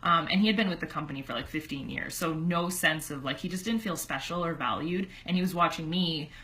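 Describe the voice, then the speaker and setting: Young woman vlogging to her webcam, emotional, says "like" a lot, bright voice, lowish pitch. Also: fairly quick. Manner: chatty, heartfelt, many "like" fillers. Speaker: online fitness coach. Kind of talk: casual personal storytelling to camera. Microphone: computer webcam.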